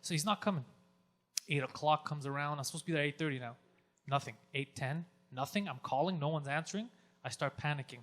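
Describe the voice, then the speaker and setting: A man's voice: on the high side, quick pace. A man telling a story on a podcast, swearing and acting out his own outbursts, with Greek as his first language. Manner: profane, excitable storyteller who acts out his own yelling. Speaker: podcast co-host.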